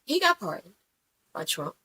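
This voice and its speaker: A woman co-hosting a podcast in casual chat, talking bluntly and profanely with animated storytelling. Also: mid-range voice, moderate pace, slightly rough, rough recording. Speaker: podcast co-host.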